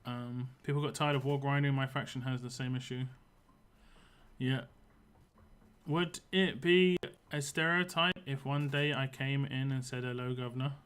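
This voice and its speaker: Casting note: male game streamer, West London accent, mid-pitched, rambling and chatty with viewers. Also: steady tone, unhurried, fairly bright tone, smooth. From England. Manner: chatty and rambling, answers chat as he plays. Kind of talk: casual livestream chat while playing.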